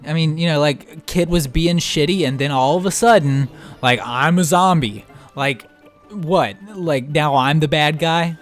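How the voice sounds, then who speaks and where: A man's voice: a little high, measured pace, soft background music. A man co-hosting a gameplay video, chatting casually, laughing often and swearing freely. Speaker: let's play co-host.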